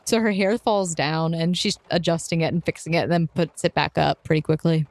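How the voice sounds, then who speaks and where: Here a young woman voices and narrates her own character at a tabletop RPG session, fairly quickly and with animated leaps in pitch. There's no echo on the audio.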